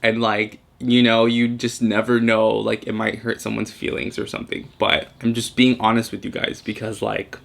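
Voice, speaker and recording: Gravelly young vlogger guy, swearing a lot, super animated storytelling. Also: fairly low pitch, normal speed, hardly any pauses. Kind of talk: casual storytelling.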